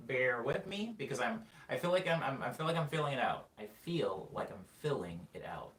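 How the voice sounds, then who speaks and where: A man's voice: medium pitch, very animated, moderate pace, fairly bright tone, far from the mic, slight background noise. Chatty man, Southern drawl, roomy room. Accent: Southern American. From United States. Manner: chatty, musing aloud and answering viewers. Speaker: livestreaming musician. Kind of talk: casual livestream chat. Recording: roomy, mic set back, music behind.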